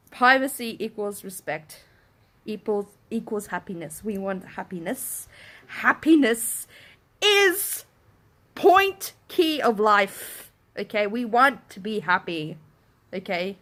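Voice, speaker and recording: A young woman telling a story to camera in a casual rant, swearing, laughing and acting out what people said. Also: mid-range voice. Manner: animated, swears, breaks into laughter, acts out quotes in shouts. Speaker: vlogger. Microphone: camera in front of her.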